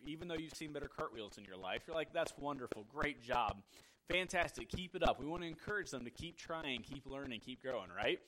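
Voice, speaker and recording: A man's voice: on the high side, fairly bright tone, rough recording. A man in his thirties casually telling a family story, chatty and acting out his son's lines.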